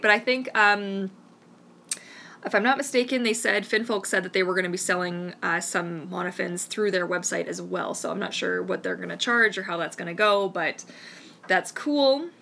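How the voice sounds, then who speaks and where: A woman's voice: medium pitch, creaky, pushed and bright, slight background noise. A Canadian woman hosting a live-stream Q&A, chatting in a rambling, enthusiastic way. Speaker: mermaid vlogger hosting a live Q&A. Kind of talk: casual live-stream chat.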